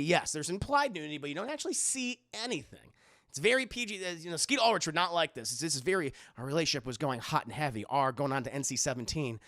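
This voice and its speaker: Young guy on stream retelling a movie to chat, high gravelly voice, swears a lot, hams it up. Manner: animated, crude, swears, acts out lines in put-on voices. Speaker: streamer reviewing a film. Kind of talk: casual scene-by-scene recap to live chat.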